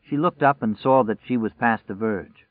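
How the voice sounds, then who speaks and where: A man narrating a novel in a measured, even storytelling voice. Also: mid-range voice, no echo. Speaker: audiobook narrator. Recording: dry, tinny phone-like sound.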